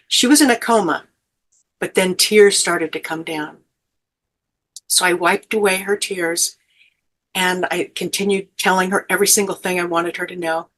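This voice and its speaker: A middle-aged woman with a slightly low voice, speaking as an interview guest. She tells a heartfelt personal story in an earnest, emotional way, with gentle fillers between her thoughts. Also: steady tone, normal speed. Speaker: guest, grief educator and life coach.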